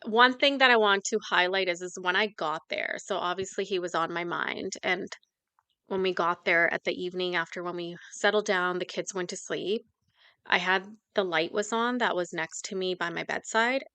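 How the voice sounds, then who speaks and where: A woman's voice: lowish voice, normal speed, sharp tone, clean tone, dry recording. A woman talking candidly and tearfully about grief on a podcast, close to tears at times. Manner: candid, tearful, speaks of grief with nervous laughs. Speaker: podcast co-host. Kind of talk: emotional casual podcast chat.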